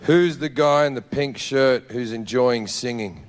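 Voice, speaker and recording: A man's voice: mid-range voice, measured pace, crowd noise. A man doing a blunt, profane stand-up comedy routine in a loose, conversational storytelling manner. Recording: noisy live stand-up recording.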